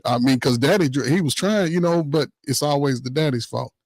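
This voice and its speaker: A man talking casually on a discussion panel, telling stories in a loud, animated way with swearing and laughs. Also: mid-range voice, fairly quick, dry recording. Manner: animated storytelling with profanity and laughs.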